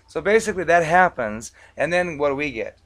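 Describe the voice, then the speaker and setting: A man speaks in a relaxed, chatty vlog monologue, his voice sitting slightly high for a man. He tells stories casually, dropping in filler words as he goes. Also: a little fast. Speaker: vlogger recounting past collections work.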